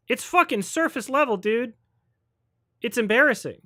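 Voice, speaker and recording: A man's voice: fairly high pitch, animated, a little slow, fairly bright tone, no echo, clean studio sound. Sarcastic, profane man reviewing films. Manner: sarcastic, profane, mocking impressions. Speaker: host. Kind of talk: livestream film review chat.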